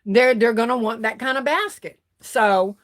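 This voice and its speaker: A woman with a somewhat high voice runs a casual livestream. She reads her viewers' comments aloud and answers each one in a chatty, easygoing way. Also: normal speed. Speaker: livestream host.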